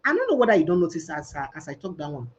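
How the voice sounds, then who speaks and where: A woman's voice: low voice, wildly swooping pitch, very fast, muffled recording. A Nigerian woman hosting a podcast livestream, talking emphatically and mixing Pidgin with English. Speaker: podcast host. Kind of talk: casual livestream discussion.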